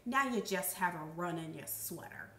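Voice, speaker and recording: A woman's voice: lowish voice, animated, moderate pace, bright, forceful tone, reverberant, distant mic, a little hiss or hum. A woman hosting a casual sewing product review vlog in a chatty, jokey way, speaking to viewers as her friends.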